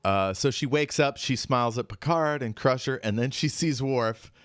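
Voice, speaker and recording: A man's voice: mid-range voice, moderate pace, dry recording, studio quality. A man hosting a podcast, recapping in a wry, joking casual chat. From United States. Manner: wry, recaps plot with jokes. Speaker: podcast host.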